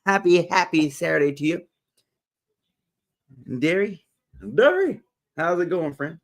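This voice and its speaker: Upbeat high-voiced livestream host man. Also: expressive, a little slow. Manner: upbeat, laughs often, greets viewers by name. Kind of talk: casual live-stream chat greeting viewers.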